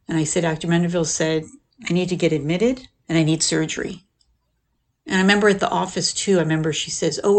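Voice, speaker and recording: Earnest woman podcaster, low-pitched voice. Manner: earnest, emphatic, repeats phrases for stress. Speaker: podcast host and counselor. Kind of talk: personal storytelling monologue.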